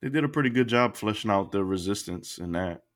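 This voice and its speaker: Male podcast co-host, lowish voice, loose and laughing. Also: brisk. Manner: laughs often, animated. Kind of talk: casual chat.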